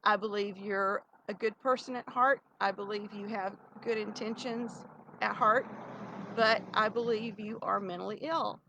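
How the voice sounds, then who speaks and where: Her mid-range voice stays steady and unhurried as she talks to camera against a noisy background. She's a middle-aged vlogger on the verge of tears, addressing her ex in a pleading, rambling monologue packed with fillers and false starts.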